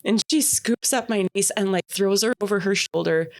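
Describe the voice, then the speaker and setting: A woman, telling a travel story on a podcast with animated energy and frequent laughter. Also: mid-range voice, normal speed, no room sound. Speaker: podcast co-host. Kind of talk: casual chat.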